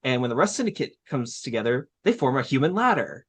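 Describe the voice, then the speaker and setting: Podcast cohost guy, mid pitch, easygoing explaining, casual chat. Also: sing-song, fast talker, husky. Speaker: podcast co-host.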